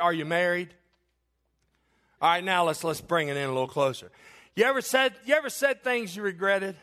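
Guy pastor preaching, pretty high voice, keeps repeating himself for emphasis, throws questions at the room. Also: a bit bright. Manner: emphatic, repeats phrases and asks the congregation questions. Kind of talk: sermon. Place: church.

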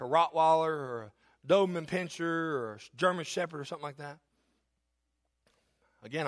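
A middle-aged pastor preaches with hammering repetition and folksy jokes tossed in between points. His voice sits high and rings bright and forceful. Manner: emphatic, repetitive, joking asides. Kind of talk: sermon.

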